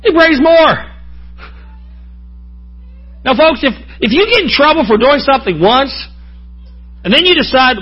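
A man's voice: extremely high pitch, animated, moderate pace, long pauses, muffled recording. A man preaching a sermon in a folksy, joking way, often calling out to the congregation for an amen. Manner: folksy, joking, asks the crowd for amens.

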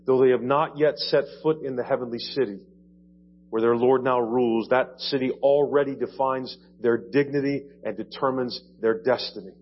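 A man's voice: mid-range voice, moderate pace. A man from Ohio preaching a sermon in a church, explaining with conversational asides. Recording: dull lo-fi church audio, faint hum.

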